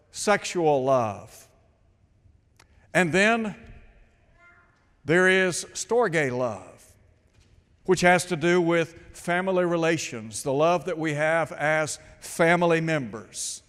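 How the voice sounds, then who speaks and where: Guy preaching a sermon, kinda high voice, slow and careful, lots of questions. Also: in a large hall. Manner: slow, deliberate, rhetorical questions.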